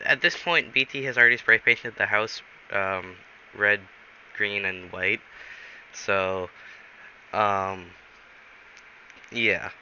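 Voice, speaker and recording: Man improvising a story, slow, rambling, bright tone, dull lo-fi recording. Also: lowish voice, a little hiss or hum. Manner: rambling, halting, many fillers.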